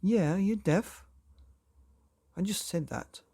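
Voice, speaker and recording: A man's voice: on the high side, sing-song, normal speed, creaky, mellow, husky, no echo, pitched above the performer's own voice, heavily acted. A man doing a rude, bratty little girl. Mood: insolent. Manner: blunt, insolent.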